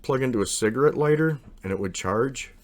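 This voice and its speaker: A man casually telling a long, rambling personal story, acting out what people said. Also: a little fast. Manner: rambling, animated, acts out quotes with raised pitch.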